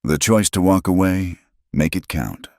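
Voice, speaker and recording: A reserved Apache scout, voiced by a man, speaks in short, level, clipped phrases. The voice sits extremely deep. It is recorded dry and close, with no room around it. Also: lively intonation, unhurried, warm tone, dry recording. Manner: terse, level, clipped sentences. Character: stoic male Apache scout, middle-aged, reserved.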